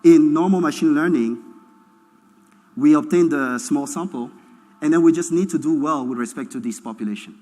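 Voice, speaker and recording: A man's voice: a little high, mellow. Man lecturing in a reverberant hall. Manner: explains slowly, repeats points, frequent uh and right?. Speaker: keynote speaker. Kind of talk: academic lecture.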